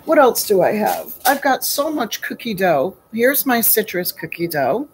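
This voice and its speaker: A woman's voice: mid-range voice, very animated, unhurried, slight background noise, rough recording. A woman hosting a casual live baking stream from her home kitchen, chatty and folksy, greeting viewers by name.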